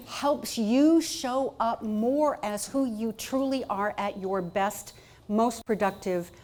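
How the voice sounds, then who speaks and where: A woman speaking as a keynote at a conference, telling personal stories with energy. She slips into quoted voices as she goes, pitch jumping up for the people she plays. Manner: animated, acts out quoted voices. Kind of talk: storytelling conference speech. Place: conference hall.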